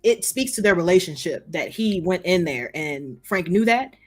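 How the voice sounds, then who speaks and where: Husky lady chatting, slangy and expressive, faint music behind. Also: on the low side, moderate pace. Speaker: co-host of a TV episode discussion. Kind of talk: casual chat.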